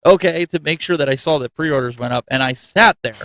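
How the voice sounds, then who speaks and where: Male show host, lively and self-deprecating, dry close sound, slight cold. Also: a little high, fast, few pauses, no echo. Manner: animated and self-mocking, laughs often. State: getting a cold. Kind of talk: casual live-stream chat.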